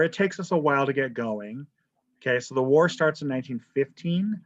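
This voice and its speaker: This online history teacher is a man who talks loosely, throws in jokes, and keeps checking in with "right?". He has a medium-pitched voice and a moderate pace. It comes through a video call with dull, lo-fi audio.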